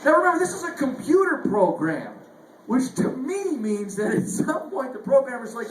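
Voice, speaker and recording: Male stand-up, high voice, chuckles a lot, echoey club. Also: moderate pace. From Northern Ireland. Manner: chuckles through lines, animated retellings. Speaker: stand-up comedian. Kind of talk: stand-up comedy set. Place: comedy club stage. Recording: echoey club, faint noise.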